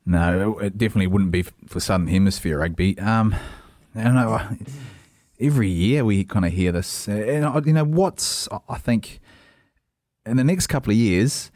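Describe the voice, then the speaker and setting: A New man co-hosts a sports podcast from a studio. His voice is low, and he speaks hesitantly, full of fillers and restarts. The sound is close and dry. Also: moderate pace, darkish tone, no echo. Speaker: podcast co-host. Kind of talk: casual sports chat.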